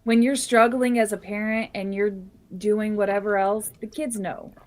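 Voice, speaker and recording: A woman's voice: medium pitch, little pitch movement, normal speed. A woman in a casual podcast conversation, direct and matter-of-fact, stating her opinions plainly.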